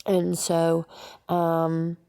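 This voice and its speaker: A woman giving a personal testimony, halting, with many fillers and restarts. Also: sits low, completely flat delivery, gravelly, dark tone, smooth. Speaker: testimony speaker.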